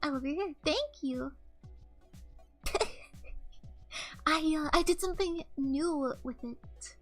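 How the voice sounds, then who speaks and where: A woman's voice: high-pitched, slow pace, a bit bright, faint music behind. A young woman streaming live, chatting casually and reading chat messages aloud in a playful, self-mocking way.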